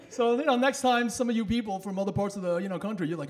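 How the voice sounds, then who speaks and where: A man doing a loud, animated stand-up set in the back room of a bowling alley, working the crowd. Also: high voice, brisk, long pauses. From New York. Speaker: stand-up comedian.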